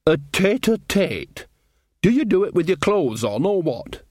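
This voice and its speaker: A man's voice: high-pitched, big pitch swings, a little slow, a little mellow, dry recording, clean studio sound, pitched above the performer's own voice, full character voice. A man voicing a cheerful, bawdy old female country witch who sounds chirpy and flustered, in a storybook reading. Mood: flirty. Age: older.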